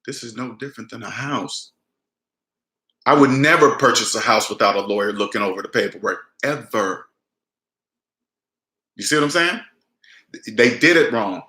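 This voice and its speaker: A man's voice: mid-range voice, animated, moderate pace, long pauses, pushed and bright, echoey room. A man giving casual, emphatic advice on money and mortgages, repeating points and coaching the listener directly. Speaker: personal finance vlogger.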